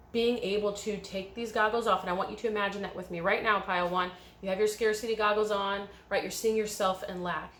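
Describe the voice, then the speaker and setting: A woman's voice: medium pitch, a bit bright, roomy sound, a little hiss or hum. A woman giving an emotional pick-a-card tarot reading, coaching viewers through a guided visualization. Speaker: tarot reader.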